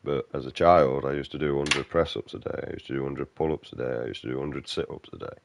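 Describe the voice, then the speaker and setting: A man's voice: extremely low pitch, fast talker, vocal fry, background noise. A man giving casual gameplay commentary, ranting bluntly and swearing a lot. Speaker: game streamer.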